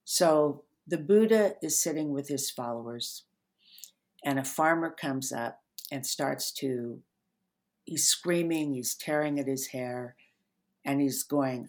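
An older woman, an author and therapist, talking gently and unhurriedly in an interview, her sentences trailing off softly. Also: extremely low pitch. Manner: gentle, unhurried storyteller with soft trailing endings. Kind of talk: reflective interview talk.

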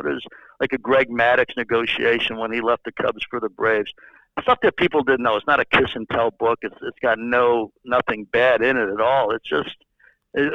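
With a gravelly, mid-range voice and no room sound, a former baseball GM, now an older man, rambles through lengthy anecdotes as an interview guest. He repeats himself, restarts, and fills gaps constantly, all captured in slightly dull lo-fi audio.

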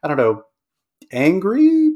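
A podcast guest who moved to Australia from abroad talks in a relaxed, thoughtful way. The speech is full of hedges and small laughs. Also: medium pitch, slow, lo-fi sound. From abroad, living in Australia. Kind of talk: casual podcast chat.

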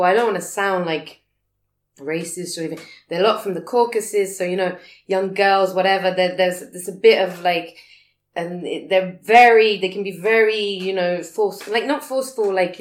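Woman, casual storyteller, animated and profane, mid pitch, echoey room. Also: normal speed. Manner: swearing, animated, laughs often. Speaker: guest telling a story. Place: living in a big city abroad.

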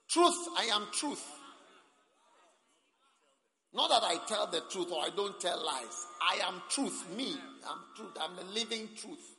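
A man preaching a sermon at a camp meeting, speaking emphatically, often rising to shouts and calling for amens. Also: sits high, expressive, moderate pace, vocal fry, hardly any pauses. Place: large hall at a camp meeting. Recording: echoey hall.

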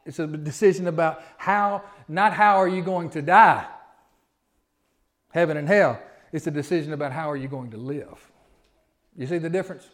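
A pastor preaching a sermon, his voice sitting a little high for a man. He talks in a folksy way, repeats his words and presses his points with rising emphasis. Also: normal speed, long pauses. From Southern United States.

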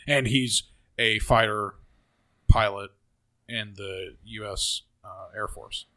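A man's voice: fairly low pitch, steady tone, slow, a bit bright. A man casually discussing a film on a podcast, hesitant and stumbling over his words. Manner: hesitant, many fillers and restarts, laughs. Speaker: podcast co-host.

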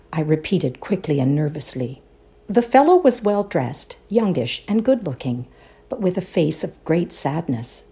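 A woman performing a dramatic reading of a ghost story, hushed and suspenseful, often dropping to a whisper. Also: sits low. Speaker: reader in a readers' theatre show.

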